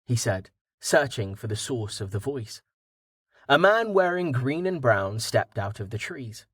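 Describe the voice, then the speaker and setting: A man reads a fantasy audiobook at an unhurried pace, his pitch rising and falling with the story. The sound is dry and close to the mic. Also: husky, dry recording. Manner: measured, expressive reading. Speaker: audiobook narrator. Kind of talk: scripted narration.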